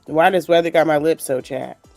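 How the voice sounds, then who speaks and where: A woman's voice: low-pitched, steady tone, normal speed, darkish tone, no room sound, soft background music. A woman co-hosting a casual talk show, laid-back and giggly. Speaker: podcast co-host. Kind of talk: casual chat.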